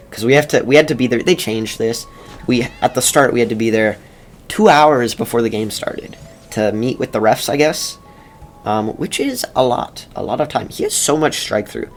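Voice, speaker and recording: A young man telling a casual story over gameplay commentary, rambling and wry, with many pauses and self-corrections. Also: medium pitch, lively intonation, faint music behind. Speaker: video creator.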